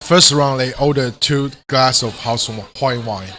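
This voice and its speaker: A man who owns a cocktail bar, chatting as a guest in simple, halting English. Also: medium pitch, pushed and bright. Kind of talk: casual chat.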